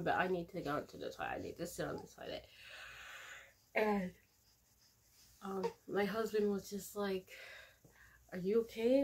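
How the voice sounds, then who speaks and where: A young woman tells a personal story in a casual vlog. Her voice sits in the middle pitch range, and she is candid and animated. She laughs often and loudly acts out her own past pleas. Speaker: vlogger.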